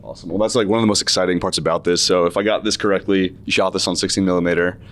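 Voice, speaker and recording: A man with a low, deep voice asks questions at a festival interview. His questions wander loosely, padded with casual fillers. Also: steady tone, racing, a bit bright.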